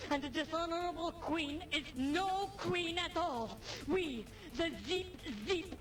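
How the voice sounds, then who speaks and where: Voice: medium pitch, distant mic, natural voice. An actor voicing a proud, honor-bound alien starship captain in a video game, with formal, oddly phrased speech.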